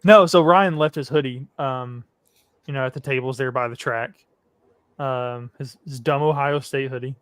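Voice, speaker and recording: A man's voice: medium pitch, normal speed, a bit bright, smooth, no room sound. A man on a podcast casually teasing a friend, swearing as he tells the story. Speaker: podcast co-host. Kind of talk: casual chat.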